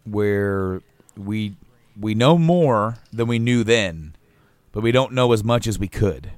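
A man's voice: on the low side, animated, slow pace, no room sound. A man co-hosting a casual podcast chat, rambling with restarts, laughing often and swearing casually. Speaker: podcast co-host.

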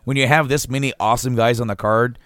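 A man's voice: medium pitch, fairly even intonation, fast, fairly bright tone, clear, resonant tone, dry recording. A man co-hosting a casual podcast chat, rambling with restarts, laughing often and swearing casually. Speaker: podcast co-host.

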